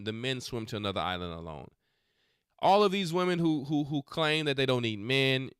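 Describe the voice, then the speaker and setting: A man hosts a faith podcast, reacting to clips with scolding, preachy remarks in casual slang. His voice is smooth and resonant, recorded dry and close with no room sound. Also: mid-range voice, fairly bright tone, dry recording. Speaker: podcast host. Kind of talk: religious commentary on videos.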